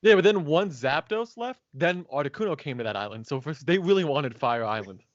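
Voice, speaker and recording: A man's voice: a little high, lively intonation, brisk, no room sound, dull audio. A man co-hosting a podcast in casual chat, who laughs often and acts out quotes as he talks. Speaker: podcast co-host.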